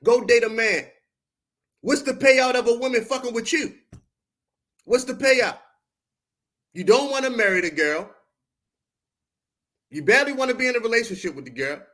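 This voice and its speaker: A man's voice: very high-pitched, a bit bright. A man from Baltimore with a Baltimore accent, hosting a podcast livestream and ranting at his chat in a confrontational, profane, preachy street style. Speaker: podcast host. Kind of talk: heated livestream rant at chat.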